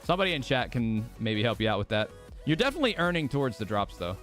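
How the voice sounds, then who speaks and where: A man's voice: mid-range voice, very animated, fast, a bit bright, faint music behind. A young man streaming, chatting casually and rambling with his viewers, laughing often. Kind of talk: casual livestream chat.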